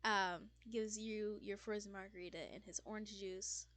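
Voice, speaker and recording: A woman's voice: medium pitch, level tone, normal speed, fairly bright tone, no echo. A woman narrating a tabletop game as game master, casual, with many fillers and self-corrections.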